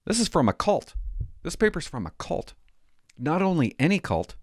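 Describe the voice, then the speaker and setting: A middle-aged man doing stand-up comedy, sarcastic and mock-outraged, swinging between loud outbursts and muttered asides. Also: on the high side, sing-song, moderate pace, no room sound. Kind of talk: stand-up comedy with ironic reading.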